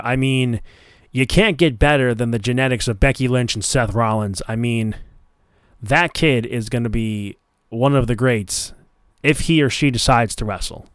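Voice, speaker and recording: A man's voice: medium pitch, smooth, dry recording, clean studio sound. A man hosting a casual solo podcast, talking in a loose, chatty way with plenty of fillers and restarts. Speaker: podcast host.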